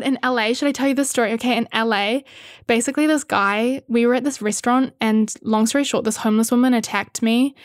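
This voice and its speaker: A woman's voice: a little high, no echo, clean studio sound. Chatty young woman. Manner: chatty, candid, swears freely, laughs often. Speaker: content creator answering viewer questions. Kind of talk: casual chat with viewers.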